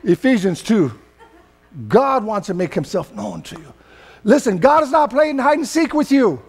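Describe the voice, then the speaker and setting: Older california preacher guy, really high voice, chatty sermon that gets loud and shouty. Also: expressive, moderate pace, husky. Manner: loose, conversational preaching that swells into emphatic shouting. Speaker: pastor.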